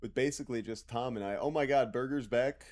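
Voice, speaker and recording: A man's voice: mid-range voice, fairly quick, a little mellow. A man streaming a game, chatting casually and reading chat aloud in a loose, joking, profane way.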